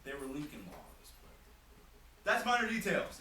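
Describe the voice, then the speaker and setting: Teen boy, boastful comic monologue; very animated pitch, roomy distant hissy recording. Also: normal speed. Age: teens. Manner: goofy, boastful, shrieking girl impressions. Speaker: talent show performer. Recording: echoey room from far off, hissy noise.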